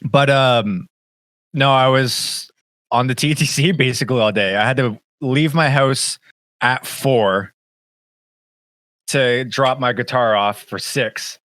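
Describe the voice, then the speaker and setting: A man's voice: mid-range voice, slow, a bit bright, no echo. Dry-sounding man rambling on a podcast. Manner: rambling, profane, many fillers and restarts. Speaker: podcast co-host. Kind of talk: casual chat. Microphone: webcam setup.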